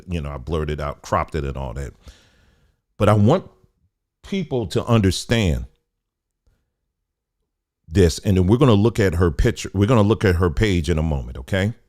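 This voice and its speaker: Low-voiced man reading with heated asides. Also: a little mellow. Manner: conversational, stops to add remarks, gets heated. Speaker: commentary host. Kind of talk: reading an article aloud with commentary.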